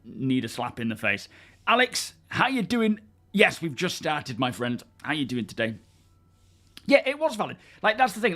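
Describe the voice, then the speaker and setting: A man's voice: on the high side, fairly bright tone. A man from England hosting a casual live stream, chatting loosely and answering viewers by name. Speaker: livestream host.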